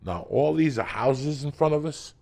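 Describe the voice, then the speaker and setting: A middle-aged man from New Jersey with a gravelly voice, telling a profane, animated story in casual chat and acting out the voices. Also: on the high side, moderate pace. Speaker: podcast host.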